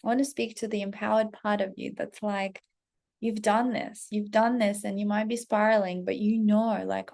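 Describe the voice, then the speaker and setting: Candid, swearing woman coach with gravelly fry. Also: medium pitch, normal speed. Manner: candid, heavy swearing, animated self-talk. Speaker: self-development coach. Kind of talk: casual spoken storytelling to followers.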